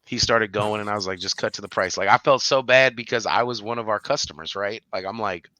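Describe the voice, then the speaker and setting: A podcast co-host chats casually and tells stories animatedly, breaking into sudden high-pitched bursts of laughter. His low, deep voice still comes across bright and forceful, delivered briskly in a dry, close recording with no echo.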